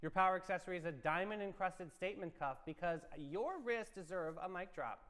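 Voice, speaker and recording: A high-pitched man co-hosts a morning talk show, reading horoscopes and spinning comic stories with upbeat theatrical flair. His voice rings out with a long, hall-like reverb around it. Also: a little fast, a bit bright. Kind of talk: playful horoscope and story segment.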